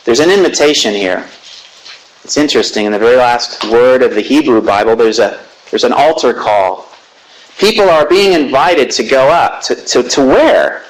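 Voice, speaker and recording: Man, lecturer, classroom lecture, animated, rhetorical questions, slow scripture reading. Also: mid-range voice, low-quality recording.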